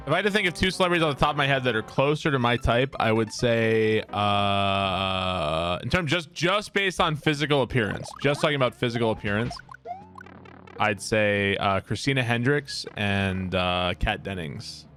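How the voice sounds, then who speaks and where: A young man streaming a game, rambling and swearing, often laughing and breaking into loud outbursts at the game. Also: fairly low pitch, animated, normal speed, soft background music. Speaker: gaming streamer. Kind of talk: casual gameplay commentary with chat.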